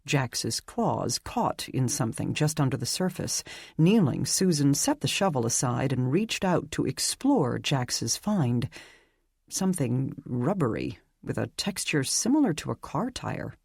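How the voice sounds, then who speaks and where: A slow, measured audiobook narration with a breathy, husky edge to the voice. The delivery stays even. The recording is dry and close. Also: medium pitch, no echo.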